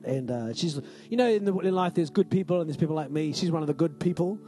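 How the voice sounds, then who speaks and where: A man's voice: on the high side, quick pace, warm tone, soft background music. A male pastor giving a conversational, emphatic sermon in a church and often asking the congregation "right?".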